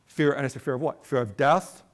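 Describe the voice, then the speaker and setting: A man's voice: medium pitch, fairly even intonation, brisk. A middle-aged man giving a conference talk and a TV interview as a guest speaker, conversational, with many fillers and rhetorical check-ins. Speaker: guest speaker, polling director.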